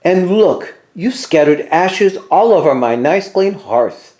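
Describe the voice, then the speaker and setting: A grumpy, fussy storybook bear who blusters and roars his complaints, voiced by a man reading aloud. His voice is mellow and dark, yet lively in its ups and downs. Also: sits high, slow pace, pitched above the performer's own voice. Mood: angry. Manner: blustering and cross.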